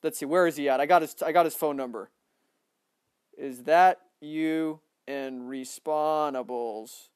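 A young man giving excitable live commentary on a shooter game, often yelling at opponents. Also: fairly high pitch, a little slow, clear, resonant tone, dry recording, studio quality. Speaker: livestreaming gamer.

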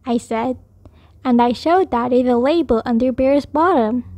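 Slow, high-voiced woman reading a picture book. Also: no echo. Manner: slow, clear, expressive storytelling. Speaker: storybook reader. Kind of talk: children's picture book read aloud.

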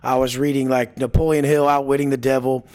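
A man's voice: mid-range voice, flat delivery, brisk, darkish tone. A man as an interview guest, telling stories bluntly with heavy swearing and acting out quoted lines. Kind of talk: casual storytelling interview.

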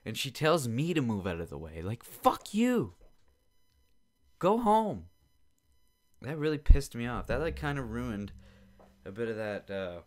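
With a medium-pitched voice and lively intonation, a young man rants casually at normal speed while hosting a podcast from his basement. He's irritated, meandering, and swears as he goes.

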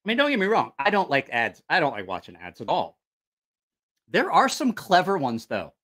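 A man hosts a casual livestream for a knife channel, rambling, swearing freely, and losing his train of thought. His voice sits on the high side with a fairly bright tone and wildly swooping pitch, at a moderate pace.

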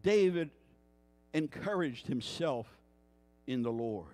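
A man's voice: mid-range voice, expressive, slow pace, a little mellow. A man preaching a sermon as a guest pastor, telling a story with rhetorical questions and acting out the quoted voices.

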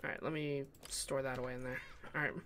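A woman's voice: rumbling low, level tone, quick pace, fairly bright tone, slight background noise. A woman hosting a casual let's-play, chatting with friends and planning out their next quests aloud. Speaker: host of a gaming channel. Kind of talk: casual game commentary.

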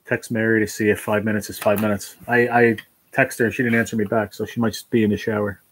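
A man's voice: lowish voice, flat delivery, husky, rough recording. Emotional New man on a livestream. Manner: halting, emotional, tearful with joy. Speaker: livestream host.

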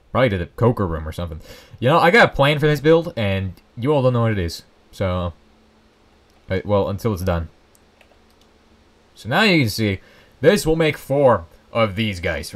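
A young man casually commenting on his own gameplay, rambling and joking at his own expense. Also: on the low side. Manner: rambling, self-mocking, joking asides. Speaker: Let's Play host.

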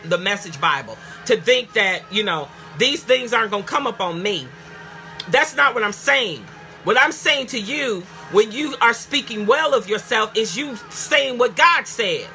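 A woman pastor preaching a fervent sermon, calling out hallelujah and rising to shouts. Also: a little high.

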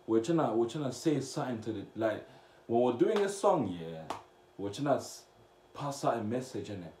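A young Cameroonian man with a medium-pitched voice chats casually while reacting to comments on his vlog, blunt and slangy, with sudden loud outbursts. He's recorded in an echoey room with faint noise.

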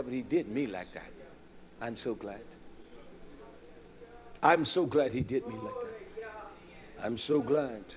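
A man in his fifties preaching a sermon, swinging between loud outbursts and quiet low asides. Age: 50s. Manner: impassioned, swinging from shouts to low murmurs.

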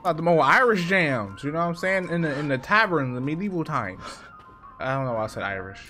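A man's voice: a little high, lively intonation, quick pace, over music. A man commentating a horror game playthrough, cursing, joking and talking back to the game. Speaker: gaming streamer. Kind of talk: let's play commentary.

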